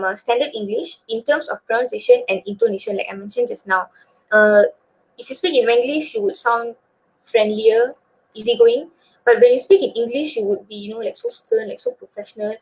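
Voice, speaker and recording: Her voice is a little high, creaky and husky, very animated, and moderately paced as this young Malaysian woman gives a relaxed student webinar talk in her Malaysian accent. Fillers pepper her chatty delivery, and the video call sound is muffled and low quality.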